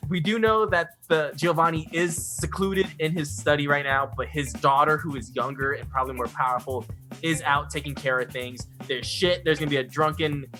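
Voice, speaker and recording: A man playing a tabletop game, talking in an excitable, self-mocking way. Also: a little high, normal speed, soft background music. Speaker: player. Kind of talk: casual chat at a tabletop game.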